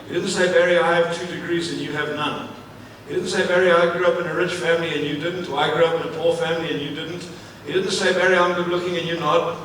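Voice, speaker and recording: A man from Africa giving an energetic live keynote speech on stage, repeating phrases and putting questions to the audience. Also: a little high, quick pace, hardly any pauses, slight background noise. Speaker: motivational speaker. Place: large event venue, on stage. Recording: echoey hall, mic at a distance, faint ambience.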